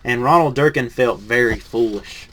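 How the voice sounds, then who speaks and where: A man, a teacher in training, reads a picture book aloud with lively rises on the punchlines, then reviews it softly and hesitantly. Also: medium pitch, moderate pace, a little hiss or hum. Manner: lively storybook reading, rising on punchlines, then soft and hesitant when reviewing.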